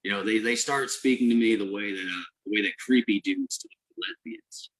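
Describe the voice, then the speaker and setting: A man with a bright, forward voice delivers a stand-up set at a live venue. He tells his story in a deadpan way, then jumps up into sudden high-pitched cheering. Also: fast talker, rough recording. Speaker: stand-up comedian.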